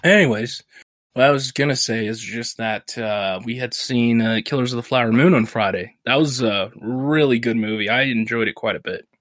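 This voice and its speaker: A man's voice: medium pitch, normal speed, dry recording. Podcast guy with a stuffed-up nose, laughs a lot while he talks, dry close sound. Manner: laughing, animated storyteller. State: stuffy with a sinus infection. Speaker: podcast co-host. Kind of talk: casual chat.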